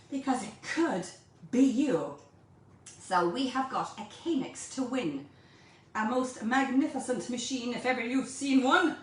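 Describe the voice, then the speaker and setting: A woman's voice: high voice, very echoey, distant mic. An Irish woman teaching a home baking class, chatty and playful, talking straight to her viewers. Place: home kitchen.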